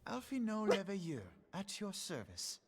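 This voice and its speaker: A man voicing formal knightly nobles in a fantasy game, speaking in measured, archaic courtly phrasing. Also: high voice, wildly swooping pitch, heavily acted. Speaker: game story dialogue. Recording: game audio with music score.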